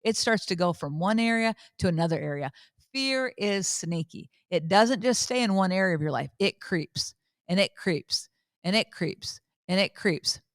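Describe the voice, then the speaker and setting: A woman in her fifties hosting a faith podcast, telling a candid personal story with lively repetition. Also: fairly low pitch, normal speed, no room sound, studio quality. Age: 50s. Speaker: podcast host. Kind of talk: casual faith talk.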